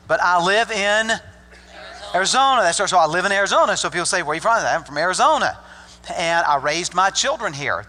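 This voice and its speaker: A man's voice: high voice, sharp tone. An older man from Arkansas preaching a sermon as pastor, folksy and joking with the congregation. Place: church sanctuary. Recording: long hall reverb.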